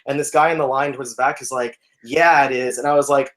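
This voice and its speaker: A young man telling a story in casual chat, animated and laughing, acting out the people in it. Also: on the high side, fast, few pauses. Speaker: podcast guest telling a story.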